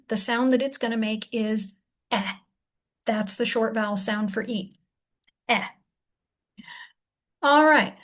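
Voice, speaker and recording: Woman, reading teacher, thinking aloud, sounds out syllables, slightly high voice. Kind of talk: demonstration lesson.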